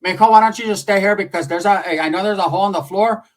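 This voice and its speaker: A doting middle-aged aunt who fusses and coaxes, put on by a man telling a story. Her voice sits a little higher than his usual talk and carries a warm, motherly fussiness. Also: fast talker, natural voice. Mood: coaxing.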